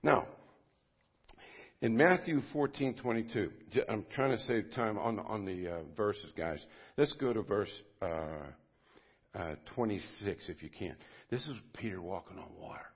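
A man, a pastor, giving an informal sermon to a men's group at a church service, talking conversationally and swinging from loud bursts to quiet asides. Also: on the low side, expressive, unhurried, slightly rough. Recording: dull lo-fi sermon audio.

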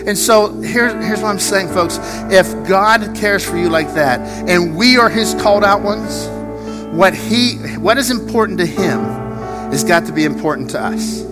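A man's voice: high-pitched, moderate pace. A man preaching a sermon as pastor, earnest, repeating his phrases and asking the congregation to say lines with him. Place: church sanctuary. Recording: long hall reverb with faint music.

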